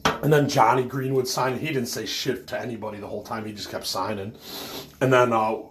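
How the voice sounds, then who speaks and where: A man's voice: lowish voice, fairly even intonation, brisk, slight background noise. A man telling a rambling story about collecting autographs, full of fillers and swearing, who says he is stoned.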